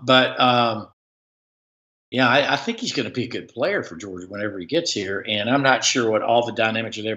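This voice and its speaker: A man's voice: lowish voice, fairly bright tone, lo-fi sound. A man hosting a casual live-stream chat as a sports reporter, rambling with many fillers and restarts.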